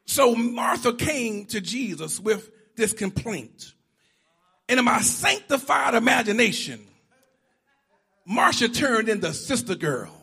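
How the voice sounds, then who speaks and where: A male pastor preaching a sermon, swinging from hushed lines to shouting and half-singing. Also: extremely high pitch, very animated, slow, gravelly, breathy edge.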